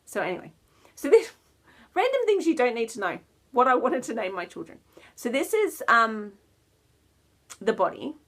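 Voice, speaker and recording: A woman with a mid-range voice rambles casually while hosting her knitting podcast. Between self-deprecating laughs, she slips in quiet asides that are almost whispered.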